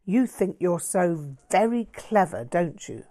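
A woman reading as a petulant young man who accuses and sneers in a raised, higher voice. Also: normal speed, lightly acted. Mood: indignant. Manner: accusing, snappish.

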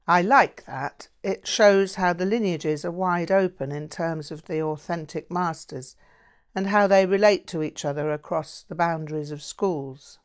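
Slow, low-voiced woman narrating an audiobook. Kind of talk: first-person audiobook narration.

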